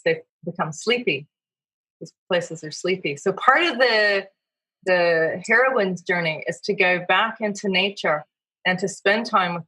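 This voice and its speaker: A woman, a podcast guest and mythology author, talking in a gentle, storytelling way and acting out imagined inner voices. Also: fairly low pitch, slightly rough, rough recording. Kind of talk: storytelling interview talk.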